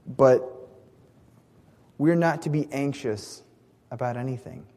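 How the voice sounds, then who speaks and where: A pastor preaches slowly in a mellow, mid-range voice. The delivery is earnest and emphatic, marked by stressed key words and occasional restarts of a phrase. The recording has a long hall reverb.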